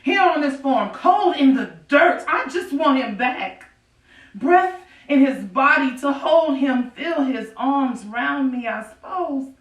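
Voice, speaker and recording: An actress voicing an enslaved widow from the old South pours her heart out to God in a stage monologue, earthy and defiant, with a slow, drawn-out delivery and a raised pitch. The sound is distant and echoey, as if taken from far off at an outdoor stage. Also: expressive. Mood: pleading. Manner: folksy, confiding, breaks into rueful laughter. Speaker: stage actor in a historical monologue. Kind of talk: theatrical monologue, prayer to God. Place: outdoor performance on a farm.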